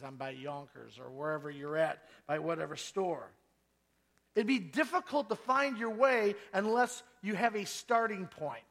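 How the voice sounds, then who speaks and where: A man's voice: high-pitched, a bit bright. A man preaching a sermon, telling stories and acting out the voices of the people in them. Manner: storytelling, acts out voices and quotes. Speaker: pastor.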